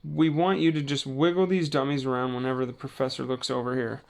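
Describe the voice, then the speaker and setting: A man's voice: mid-range voice, flat delivery, brisk, creaky, natural voice. A man voicing a nervous young male cup boy in a storybook reading, hesitant and jittery.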